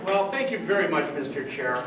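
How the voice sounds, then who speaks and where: A man's voice: a little high, animated, a little fast, over a noisy crowd. A man giving a humorous prepared speech at a club event, telling a story with comic timing. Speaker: toastmasters speaker. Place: restaurant dining room at a club event. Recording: echoey room, distant mic, background noise.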